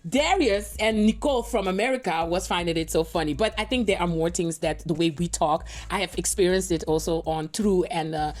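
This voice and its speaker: A woman's voice: lowish voice, a little fast, hardly any pauses, a little mellow. A woman from the Dutch Caribbean whose first language is Papiamento, chatting casually to viewers as a reaction host and often checking that they understand. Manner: chatty, rambling, asks "you understand?" often.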